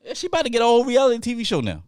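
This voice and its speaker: A man's voice: very high voice, huge pitch swings, very fast, darkish tone, dry recording, studio quality. A man hosting a casual podcast chat, ranting emphatically and repeating his lines for effect as he riffs with his co-hosts around a table. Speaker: podcast host.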